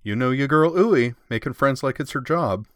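A man voices a casual, wisecracking teenage girl, pitched above his own voice yet close to an everyday one. He sounds medium in pitch and expressive, at a moderate pace, with clean studio sound and no echo.

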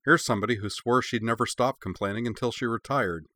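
A man's voice: medium pitch, fast talker, lightly acted. A man reading a fond, wry woman. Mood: fond teasing. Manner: fond, wry, deadpan humor. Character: warm, teasing woman, the Avatar. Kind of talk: read-aloud fan fiction.

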